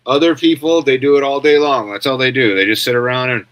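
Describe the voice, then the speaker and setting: A man's voice: mid-range voice, quick pace, few pauses, fairly bright tone. A man hosting a casual news commentary stream, rambling bluntly and answering viewer comments as he goes. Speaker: commentary show host.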